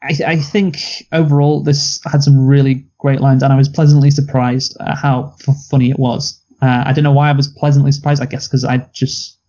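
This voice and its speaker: A man co-hosting a casual movie review chat, blunt and quick to laugh. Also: medium pitch, flat delivery, warm tone, muffled recording. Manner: blunt, laughs at own picks, quotes lines. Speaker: movie review podcast co-host.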